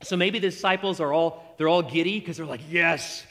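Preacher with a long hall echo. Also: male voice, on the high side, fairly quick. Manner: animated storytelling, acts out quoted dialogue. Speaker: pastor. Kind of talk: sermon.

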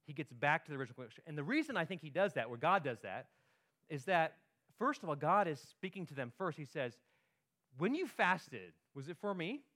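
Male pastor, slightly high voice, chatty sermon delivery with repeated words and tag questions. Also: lively intonation, quick pace, pushed and bright.

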